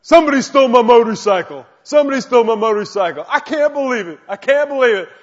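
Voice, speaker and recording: High squealing excitable big man, shouting, breathless repeats, muffled lo-fi recording. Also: fast talker. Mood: panicked. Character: frantic, excitable grown man, big and tall. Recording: dull lo-fi recording.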